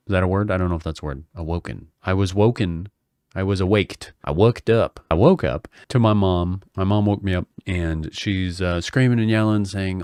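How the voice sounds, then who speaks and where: A man with a low, smooth voice tells a childhood story in a chatty, self-mocking way. He breaks off for wry asides. The recording is dry and close. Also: normal speed, a little mellow, dry recording. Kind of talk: casual personal storytelling.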